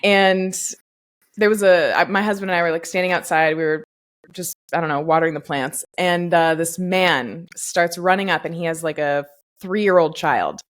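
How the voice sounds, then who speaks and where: A woman's voice: lowish voice, normal speed. A woman hosting a podcast, telling stories in a chatty way, full of fillers. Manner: chatty storyteller, many fillers. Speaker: podcast host. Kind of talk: casual podcast chat.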